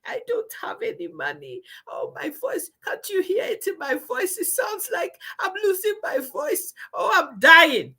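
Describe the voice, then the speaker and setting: A woman's voice: very high voice, huge pitch swings, measured pace, hardly any pauses, sharp tone, voice pushed up, heavily acted. A woman mimicking a grown man who pretends to be sick and broke, pleading in a self-pitying tone. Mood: whining. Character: whiny grown man faking illness for money.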